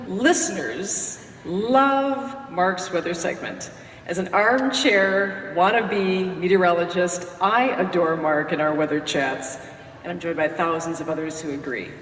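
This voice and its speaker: A woman's voice: lowish voice, measured pace, a bit bright. Radio host lady doing a folksy jokey tribute speech, long hall reverb, mic far away. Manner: folksy and joking. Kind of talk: prepared tribute speech at a podium. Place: lecture hall.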